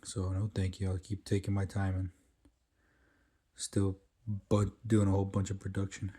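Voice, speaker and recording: A man's voice: low voice, monotone, moderate pace, mellow. A man narrating his caulking work in a laid-back, casual way, swearing often as he goes, recorded on smart glasses. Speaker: caulking tradesman.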